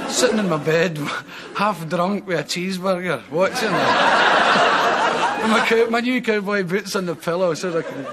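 A man's voice: high-pitched, moderate pace, over a noisy crowd. A Scottish man, a talk show guest, tells rambling comic anecdotes and chuckles his way through them. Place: TV studio with live audience. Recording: 1970s TV studio with audience laughter and hiss.

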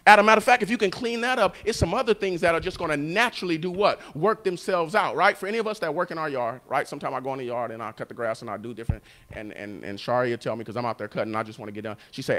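A male pastor preaching a sermon, telling a story and calling out to the congregation, moving between quiet and loud. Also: fairly high pitch, animated, fast talker. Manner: call-and-response preaching, storytelling, swings from soft to loud.

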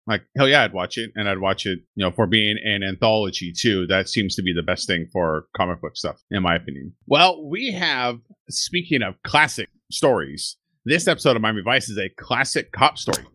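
A man co-hosting a podcast, talking casually with a lively, swooping pitch. His tone is bright and forward, and the sound is dry and close. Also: moderate pace, hardly any pauses, dry recording. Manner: animated, laughs often, breaks down episode plot. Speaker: podcast co-host. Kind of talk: casual chat.

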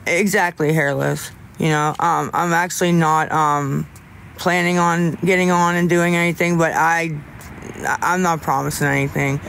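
A young man chatting on a livestream, his voice sitting a touch high for a man. He rambles and stops short to restart, filling gaps with "you know" and "like." He speaks candidly about staying sober, with a faint background noise. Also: vocal fry, fairly bright tone. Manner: rambling, halting, frequent restarts and fillers. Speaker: livestreamer answering chat. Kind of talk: casual livestream chat.

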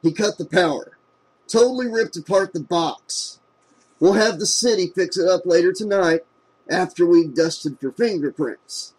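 A man voicing a gruff, matter-of-fact old police chief. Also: high voice, a little slow, a little mellow, voice pushed up, poor audio. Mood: businesslike.

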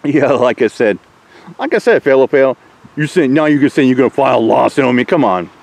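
A man's voice: mid-range voice, lively intonation, fairly quick, gravelly, a little mellow, no room sound, poor audio. A middle-aged man ranting at his online critics, taunting and swearing with mocking laughs. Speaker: YouTuber ranting at trolls. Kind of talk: profane rant to camera.

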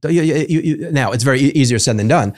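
A man's voice: medium pitch, fast, a little mellow. A man who is a psychotherapist, talking in a podcast interview and explaining ideas through everyday examples and rhetorical questions. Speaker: psychotherapist guest.

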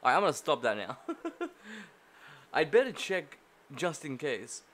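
Profane, animated young-sounding man gamer. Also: a little high, unhurried. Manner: profane, loud joking outbursts. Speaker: gamer reading a game aloud. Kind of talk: let's-play commentary and first-person narration.

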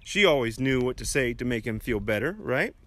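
A man giving a children's message at church, telling a story to the children in a gentle, questioning storyteller's way. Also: medium pitch, expressive, a little fast. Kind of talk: children's sermon.

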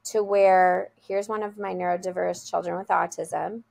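A woman's voice: on the low side, little pitch movement, moderate pace, vocal fry, a little mellow. A woman working as a school guide, telling an earnest, heartfelt story in an interview and repeating phrases for emphasis.

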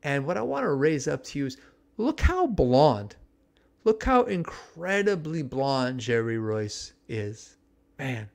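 Gravelly-voiced man telling a story. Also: mid-range voice, slow pace. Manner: animated, exclamatory storyteller. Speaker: podcast host. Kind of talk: nostalgic storytelling monologue.

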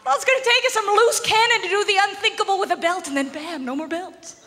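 A woman from Canada doing a stand-up comedy set, animated and laughing often as she acts out little voices. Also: extremely high pitch, quick pace. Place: comedy club stage before a live audience. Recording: live hall recording with crowd noise.

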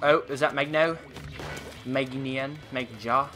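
A man's voice: mid-range voice, steady tone, slow pace, music in the background. A man giving playful, goofy running commentary while livestreaming a game. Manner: playful and goofy, hyped exclamations. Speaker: gaming streamer. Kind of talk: casual gaming livestream commentary.

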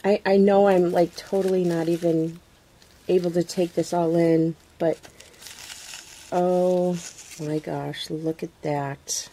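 A woman talking casually to her camera at home, gushing with excitement, exclaiming and gasping, with soft breathy asides. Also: lowish voice, slow pace, slight background noise. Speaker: craft vlogger. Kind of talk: casual unboxing chat to camera.

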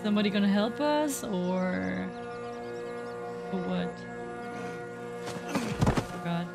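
A woman streamer giving casual, excitable reaction commentary on a game, swearing and laughing often. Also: medium pitch, slow, creaky. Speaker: gaming streamer. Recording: background music under voice. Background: background music.

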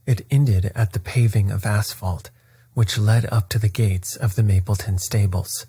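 A man narrating a classic story at bedtime with a soft, steady, soothing delivery. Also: fairly low pitch, a little slow, slightly rough, dry recording.

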